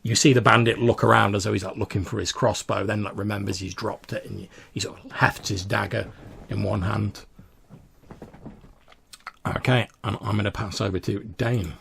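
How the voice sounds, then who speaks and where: A man runs a tabletop game, describing the action casually and stuffing his sentences with little fillers. His voice is low and gravelly, with faint noise in the background. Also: fairly even intonation, moderate pace, a bit bright. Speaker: game master.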